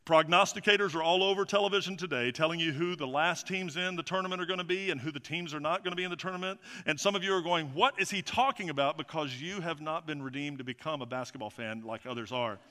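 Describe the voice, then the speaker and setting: Pastor, male, bright and slightly high voice, emphatic repeating sermon delivery, long hall reverb. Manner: emphatic, repeats phrases, swings from loud to quiet.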